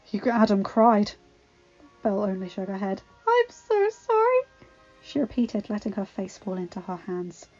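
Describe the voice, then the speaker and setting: A woman narrates a story in a steady, expressive reading voice of middling pitch. The recording is dull and lo-fi, with faint music beneath. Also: normal speed. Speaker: audiobook reader.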